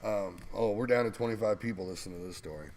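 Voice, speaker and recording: Male guest, lower pitch, loose anecdotal delivery full of ums and laughs. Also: fast talker, darkish tone, slight background noise. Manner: rambling, laughing anecdotes with fillers. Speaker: guest co-host telling wrestling stories. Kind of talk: casual storytelling.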